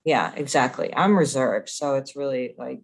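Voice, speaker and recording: A woman's voice: extremely low pitch, normal speed, vocal fry. A young adult woman co-hosting a podcast, chatting candidly with frequent fillers. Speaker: podcast co-host. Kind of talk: casual chat.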